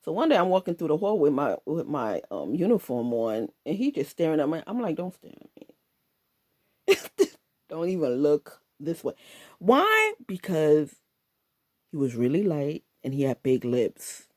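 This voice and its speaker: A woman's voice: low-pitched, moderate pace. A middle-aged woman casually telling a personal story, laughing often and acting out her own past lines. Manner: animated, laughing often, quoting herself.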